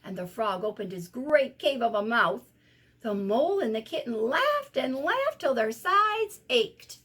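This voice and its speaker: A middle-aged woman, a teacher, reading a children's picture book aloud in an expressive sing-song way. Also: fairly high pitch, unhurried, breathy edge.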